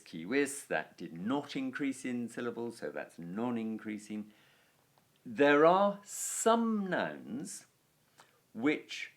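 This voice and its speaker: A male Latin teacher talks through grammar at an unhurried pace, and his slightly low voice rises and falls a lot. He explains patiently and chants lists of noun endings aloud. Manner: explanatory, chanting word endings, dry asides. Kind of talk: spoken grammar lesson.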